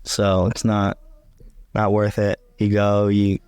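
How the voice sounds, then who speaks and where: A man in his thirties chatting casually with his wife, a wry, animated storyteller. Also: lowish voice, slow pace, smooth, no echo. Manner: wry, animated storyteller, self-described non-Disney person. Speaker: co-host, husband. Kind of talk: casual chat.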